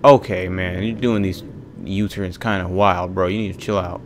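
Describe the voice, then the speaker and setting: A man's voice: sits low, steady tone, moderate pace, slight background noise. A man giving casual let's-play commentary, exasperated and ranting to himself as he plays. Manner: casual slangy talk. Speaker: gaming channel host.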